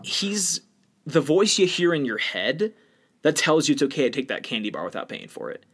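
A man co-hosting a podcast, talking bluntly and opinionatedly in casual chat, swinging between louder bursts and quiet stretches. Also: on the high side, big pitch swings, normal speed, husky. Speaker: podcast co-host.

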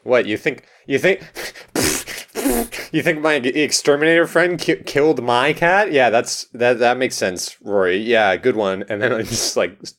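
Lively tabletop player, a man whose pitch roams widely, mumbly then excitable. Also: measured pace. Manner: animated, laughing, swings from mumbling to excited. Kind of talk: tabletop role-play chat.

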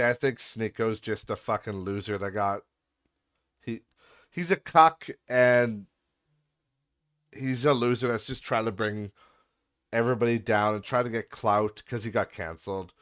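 A man's voice: on the low side, measured pace, pauses often, a bit bright, no echo, studio quality. A young man hosting a podcast, ranting in a profane, sarcastic and exasperated way. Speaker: podcast host.

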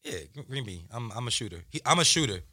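A man's voice: medium pitch, animated, quick pace, sharp tone. A man co-hosting a podcast, chatting casually in loose slang with lots of laughter. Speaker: podcast co-host. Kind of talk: casual chat.

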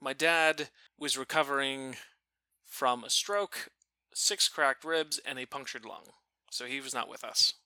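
A man casually telling a funny family story, animated and profane, laughing now and then. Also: mid-range voice, measured pace, dry recording. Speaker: storyteller guest.

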